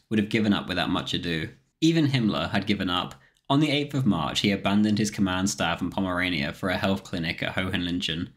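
A man reading a scripted history documentary narration in a measured way. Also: low-pitched, fairly bright tone. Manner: measured, reads quotations aloud with spoken quote marks.

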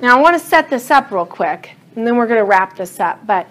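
A middle-aged woman teaching a Bible study lesson, earnest and animated, building to emphatic passion as she retells the story. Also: fairly high pitch, fairly quick.

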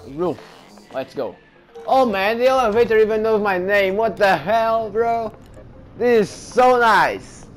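A man giving excited let's play commentary while gaming, often calling his audience bro. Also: a little high. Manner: excitable, keeps saying bro. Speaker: gamer.

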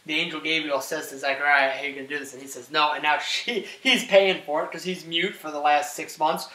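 A man teaching a class on scripture, animated, asking questions and often checking in with "right?". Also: fairly high pitch, fairly quick, far from the mic. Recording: roomy echo from off-mic.

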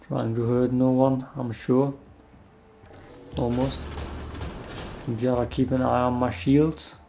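Brief: unhurried gamer guy, dark gravelly tone, muttering play-by-play, faint background music. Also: mid-range voice, flat delivery. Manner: mumbling, self-deprecating play-by-play. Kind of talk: casual gameplay commentary.

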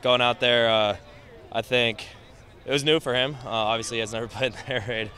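A young man, a college running back, answering reporters' questions in a relaxed, easygoing way after practice outdoors. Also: mid-range voice, fairly quick. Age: young adult. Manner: relaxed, easygoing, laughs between phrases. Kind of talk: post-practice press interview.

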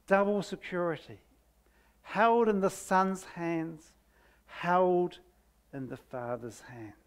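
A preacher giving a sermon at a church service, reading scripture aloud with heavy stress on key words and letting each phrase fall nearly silent. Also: mid-range voice. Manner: slow, deliberate delivery that drops to near silence at phrase ends.

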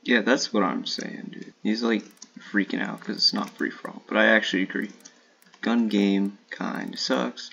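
Streaming a shooter game, a man gives casual live commentary, cursing and trash-talking opponents with sudden bursts of excitement. His voice is lowish, gravelly, and a bit breathy, at a normal pace.

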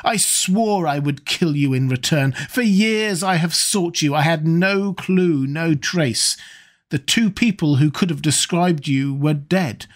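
A man voicing a vengeful rough sailor in an audiobook, growling blunt threats. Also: fairly high pitch, slow pace. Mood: menacing.

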